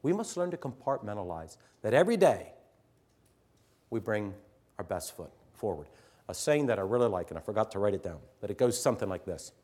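A middle-aged man, a teacher addressing fellow teachers, telling a story earnestly, swinging from loud emphasis to hushed near-whispers. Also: fairly low pitch, expressive, a little fast. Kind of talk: storytelling talk to an audience.

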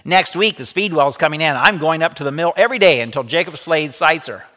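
A man's voice: a little high, animated, brisk, sharp tone, voice pushed up. A man voicing an eager, boastful young boy in a room with a long echo. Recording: echoey room with long reverb.

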